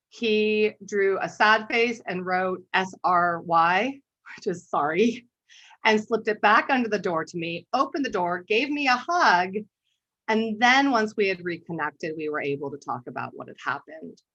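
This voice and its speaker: A woman art therapist giving a conversational webinar talk, telling a story and often clearing her throat. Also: on the low side, a bit bright. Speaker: art therapist and workshop presenter. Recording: dull lo-fi webinar audio.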